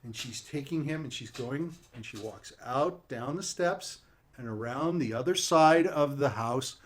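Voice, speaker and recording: A man narrating a tabletop game as game master in a relaxed, chatty storytelling manner. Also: mid-range voice, a little slow, slight background noise.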